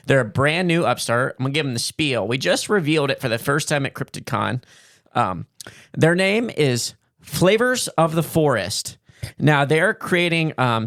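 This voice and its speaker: A man's voice: fairly high pitch, a bit bright, no echo. Chatty male podcast host, dry sound. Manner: chatty, loose ad-lib spiel with fillers. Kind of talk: casual chat and sponsor read.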